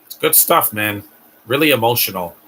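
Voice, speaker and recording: Man streaming a movie watch-along, bright tense voice, a bit husky, offhand sarcastic remarks. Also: mid-range voice, expressive, moderate pace. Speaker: live stream host watching a film. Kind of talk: casual commentary while watching.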